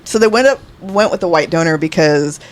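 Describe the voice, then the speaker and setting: A woman co-hosting a podcast, telling celebrity news in casual chat with relaxed, giggly storytelling. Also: lowish voice, a little fast. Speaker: podcast co-host.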